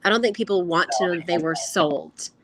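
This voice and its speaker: A woman's voice: on the low side, fairly quick, a little hiss or hum. A middle-aged woman from California co-hosting a podcast at home, earnest and argumentative in casual chat. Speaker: podcast co-host.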